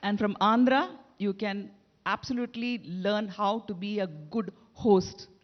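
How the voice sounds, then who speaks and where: A woman from South India, listing points in a lively, wry way. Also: mid-range voice, a little slow, highs cut off. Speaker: panelist.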